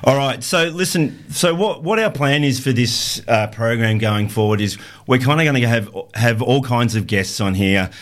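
A man's voice: medium pitch, moderate pace, few pauses, fairly bright tone. A man co-hosting a community radio show, upbeat and rambling with fillers and restarts. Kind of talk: casual radio chat.

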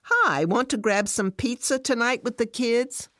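A woman voicing a caring friend who speaks cautiously and quietly. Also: fairly high pitch, measured pace, no room sound, studio quality, voice pushed up. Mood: calm.

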